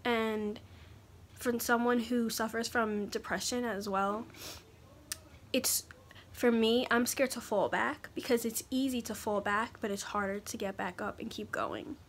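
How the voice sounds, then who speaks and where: A young woman talking haltingly in a personal confessional vlog, pausing often to collect her thoughts. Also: on the high side, steady tone, slight background noise. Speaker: vlogger.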